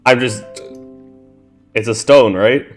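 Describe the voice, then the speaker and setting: Slow, matter-of-fact game master. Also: male voice, medium pitch, faint music behind. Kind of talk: running a tabletop game.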